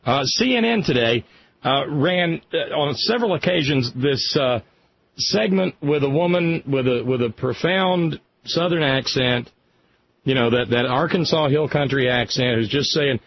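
A man's voice: a little high, lively intonation, normal speed, husky. A man hosting a radio talk show, speaking with passion and frequent stammering restarts. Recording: muffled lo-fi radio broadcast.

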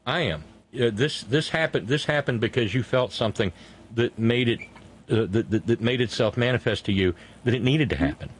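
A middle-aged man hosting a talk show, speaking earnestly and haltingly with frequent restarts as he thanks his guest and listeners. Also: medium pitch, expressive, slight background noise. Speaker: radio show host. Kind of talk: casual on-air chat and sign-off.

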